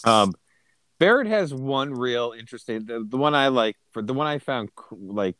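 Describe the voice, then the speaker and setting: A man's voice: medium pitch, expressive, moderate pace, a bit bright, smooth, dry recording. A man co-hosting a book podcast, chatting casually with a wry, dry sense of humor. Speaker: podcast co-host.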